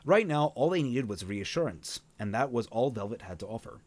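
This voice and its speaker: Animated man reading a story aloud. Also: medium pitch, fairly quick, few pauses, no echo. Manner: animated reading, frequent fillers and restarts. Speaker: reader and streamer. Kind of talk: reading a fan novel aloud with commentary.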